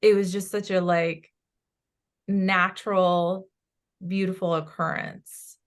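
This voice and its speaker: A woman's voice: fairly low pitch, flat delivery, slow. A woman psychic medium describing her visions in a loose, rambling way, full of fillers. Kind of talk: channeling session in casual chat.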